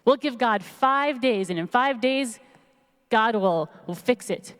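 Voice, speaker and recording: A woman's voice: a little high, lively intonation, slow, smooth, voice pushed up. Lady playing a bossy sheriff guy, patronizing and blustery, echoey hall. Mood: rallying. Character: blustering male town sheriff. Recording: long reverb of a large hall.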